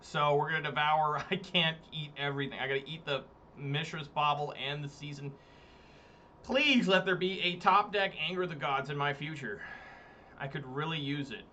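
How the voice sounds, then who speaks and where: A man's voice: on the high side, moderate pace, bright, forceful tone, a little hiss or hum. A man streaming a card game, giving casual, exasperated commentary, swearing and talking to his chat. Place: home room, hot day.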